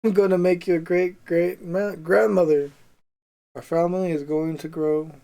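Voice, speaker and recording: A man's voice: sits high, fairly even intonation, moderate pace, gravelly, mellow. A man reading aloud the lines of a grieving young man pleading with his dying great-grandmother, in his own voice.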